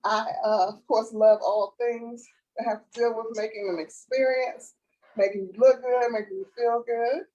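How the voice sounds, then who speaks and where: An upbeat, giggly woman co-hosts a live-stream chat. Her voice is a little high and sounds distant from the mic. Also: fairly even intonation, normal speed, warm tone, muffled recording. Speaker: co-host, creative director.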